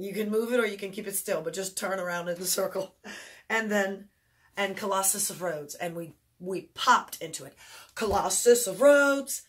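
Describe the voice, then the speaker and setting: A woman's voice: mid-range voice, a bit bright. A woman casually walking parents through memory work, chatty and self-correcting, chanting and singing words while showing hand motions and dropping in mild faith phrases. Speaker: homeschool teacher reviewing memory work. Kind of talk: casual instructional walkthrough.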